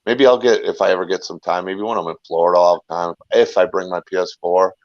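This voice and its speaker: Low, gravelly man chatting loosely. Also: fairly even intonation, fast talker, no room sound. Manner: rambling, talkative, full of restarts. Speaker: guest, filmmaker and YouTuber. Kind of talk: casual chat. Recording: dull lo-fi sound.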